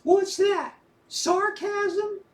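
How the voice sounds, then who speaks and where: An actress in an audio drama playing a blunt, teasing woman friend who has a soft side. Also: extremely high pitch, fairly even intonation, extremely slow, exaggerated voice.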